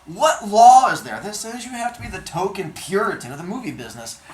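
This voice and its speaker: A man's voice: sits high, very animated, a little fast, a little mellow. A man, a teacher, reading a novel aloud to his class with playful, dry asides. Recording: echoey classroom, faint hiss.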